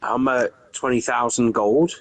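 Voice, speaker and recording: A man's voice: medium pitch, steady tone, measured pace, no echo, low-quality recording. Laid-back man co-playing a game. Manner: laid-back, short agreeing replies. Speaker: co-player on a game stream. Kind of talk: casual gameplay chat.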